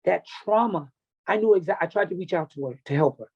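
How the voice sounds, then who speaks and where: Middle-aged guy, kinda high voice, swearing a lot and getting emotional telling his story, muffled lo-fi podcast sound. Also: a little fast, breathy edge. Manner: blunt and profane, emotional. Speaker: podcast guest, wrestling and MMA coach. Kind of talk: candid personal storytelling.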